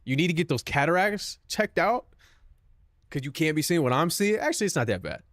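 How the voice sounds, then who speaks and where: A man's voice: on the high side, sing-song, brisk, fairly bright tone, no room sound, clean studio sound. A young man streaming and chatting casually with his viewers, joking, swearing and mocking himself. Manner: self-mocking, profane, joking.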